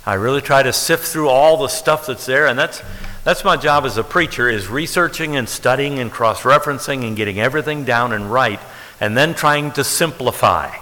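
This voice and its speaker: A man preaching in an easy, conversational manner, slowing right down to lean on the words of scripture. His voice is bright and forceful, and it rings out into a long reverb in a large church space. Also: mid-range voice. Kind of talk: sermon. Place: church sanctuary.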